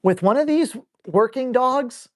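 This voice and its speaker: A man working as a dog trainer, answering viewer questions on a live stream in a blunt, rough-talking way and playfully scolding dogs out loud. He is animated, speeding up and then drawing words out. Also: extremely high pitch. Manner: animated, switches between brisk and drawn-out speech. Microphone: live stream mic.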